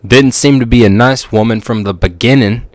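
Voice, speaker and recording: A man's voice: mid-range voice, normal speed, darkish tone, no echo. Brief: male podcast host, loose goofy storytelling, dry close sound. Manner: goofy, rambling, restarts sentences. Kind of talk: casual storytelling monologue.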